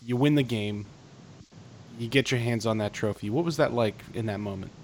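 A man hosts a casual podcast interview, enthusiastic and full of halting restarts. A faint low rumble sits behind his voice. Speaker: podcast host.

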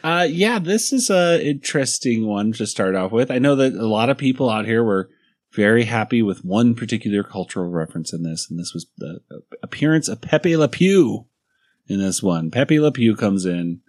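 A man's voice: lowish voice, lively intonation, normal speed, a little mellow. A man hosting a fan podcast, chatting casually and laughing often. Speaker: podcast host.

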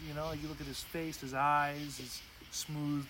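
A man's voice: on the high side, little pitch movement, moderate pace, noisy background. A man on a movie review podcast panel, talking in rambling casual phrases. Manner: rambling, lots of fillers and restarts.

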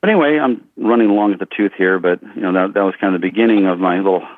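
Man, middle-aged, shooting instructor, rambling storyteller, low voice, dry, phone-quality sound. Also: very fast, dry recording. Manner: animated, rambling storyteller who acts out quotes. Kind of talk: casual storytelling in an interview. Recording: tinny phone-like line.

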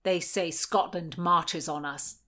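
A stern male sheriff, as a woman puts him on, firm and commanding. He refuses flatly and raises his voice slightly over the narration. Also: fairly low pitch, slow pace.

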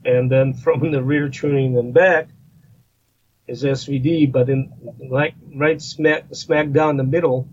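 A man's voice: mid-range voice, steady tone, unhurried, a little mellow, husky. A man in a casual podcast discussion, talking in a rambling way with many fillers and restarts. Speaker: guest firearms expert. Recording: slightly muffled line with faint noise.

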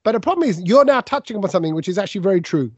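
A man co-hosting a podcast, teasing his friends in animated, laughing banter with many restarts. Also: high voice, racing, slightly rough, dry recording, dull audio. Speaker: podcast co-host.

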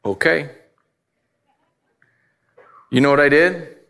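Male pastor with a slightly high voice, candid and emphatic, telling a personal story from the pulpit. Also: slow, creaky, fairly bright tone. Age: adult, married. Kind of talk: sermon.

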